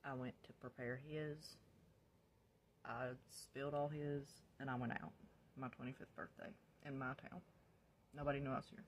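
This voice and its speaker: With a very deep voice and a flat delivery at normal speed, a woman shares candid, casual stories from her past over a slight hiss or hum. When she quotes herself she drops to a whisper, and she laughs here and there.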